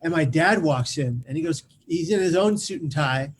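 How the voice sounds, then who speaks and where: A man telling a personal story as a podcast guest, lively, repeating words as he rushes on. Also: fairly high pitch, slight background noise.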